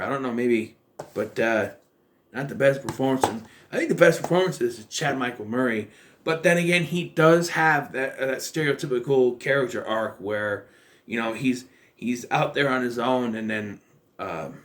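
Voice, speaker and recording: Male YouTube film reviewer, young adult, rambling and self-correcting, mid-pitched voice. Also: lively intonation, normal speed, a bit bright. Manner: rambling, self-correcting, acts out quoted lines. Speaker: movie reviewer.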